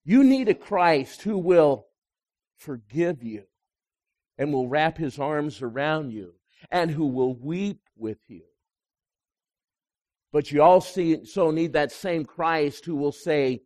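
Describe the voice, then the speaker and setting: A man, a pastor, preaching a sermon that swings between loud emphasis and hushed, quiet moments. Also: on the high side, animated, measured pace.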